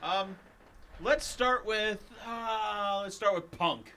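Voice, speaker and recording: A young man co-hosting a casual gaming podcast, animated and jokey, laughing at himself. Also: high voice, takes it slowly. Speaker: podcast co-host. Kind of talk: casual chat.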